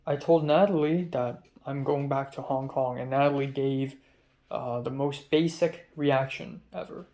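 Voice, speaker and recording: Speaking in an unhurried, warm voice of medium pitch and fairly even intonation, a young man tells rambling, self-correcting stories about his day in a casual vlog diary to camera.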